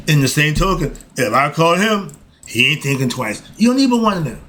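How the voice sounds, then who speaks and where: A man's voice: fairly high pitch, big pitch swings, normal speed, a bit bright, faint music behind. An older man giving life advice in a casual monologue, folksy and emphatic, breaking off with frequent asides.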